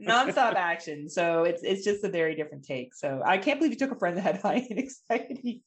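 Woman, podcast co-host, low-ish voice, loose talker who swears and laughs. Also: lively intonation, a little fast. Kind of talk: casual chat.

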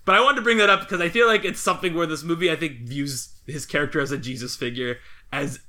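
A man co-hosting a podcast, recapping a film in casual chat, rambling and laughing often. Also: fast talker. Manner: rambling, animated, laughs often, breaks into high-pitched impressions. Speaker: podcast co-host.

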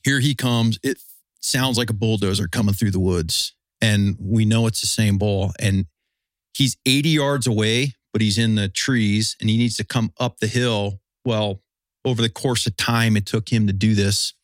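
A man's voice: on the low side, normal speed, no echo, studio quality. A man telling a long hunting story in casual chat, rambling and full of fillers.

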